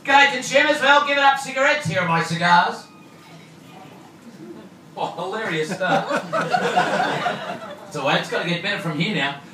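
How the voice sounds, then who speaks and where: A man's voice: sits high, wildly swooping pitch, a little slow, long pauses. An Australian man doing a loose, joking stand-up comedy set on a club stage. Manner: loose, joking, mixes in Japanese. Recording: echoey room from far off, noisy.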